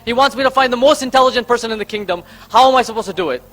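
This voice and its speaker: A man's voice: very high voice, racing, fairly bright tone. A man voicing an anxious male prime minister in a told story. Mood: worried.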